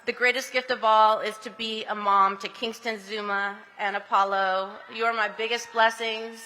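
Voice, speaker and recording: A woman's voice: fairly high pitch, fairly even intonation, moderate pace, big-room sound, noisy background. A woman from California giving a chatty, heartfelt acceptance speech at an outdoor ceremony, laughing often and turning tender as she thanks people. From Anaheim, California. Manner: chatty and giggly, with breathy laughs; tender and emotional in the thank-yous.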